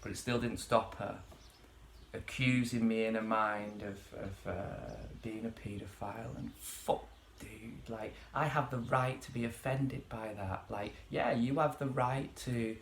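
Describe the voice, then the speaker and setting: A man's voice: fairly low pitch, steady tone, measured pace, slight background noise. Rambling, swearing man in echoey bedroom. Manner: swears freely, rambling with many fillers. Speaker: vlogger. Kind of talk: casual ranting monologue.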